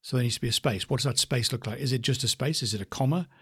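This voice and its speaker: A man teaching a voice lesson, speaking slowly and thoughtfully and demonstrating different word stress. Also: medium pitch, a bit bright, husky. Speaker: voice coach. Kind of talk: reflective spoken lesson.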